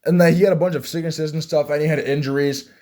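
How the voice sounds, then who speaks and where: An excitable young man reacts to a fight night in casual commentary. He rambles and restarts his sentences, and his voice sits a little higher than most men's. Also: fast talker. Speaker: MMA fan reviewing fights.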